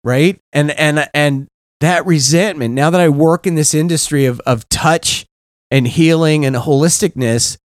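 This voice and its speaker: A middle-aged man co-hosting a podcast, telling candid, profane stories in a casual, animated way. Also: on the high side, unhurried, no room sound, clean studio sound. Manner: blunt, profane, animated, frequent "right?". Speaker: podcast co-host.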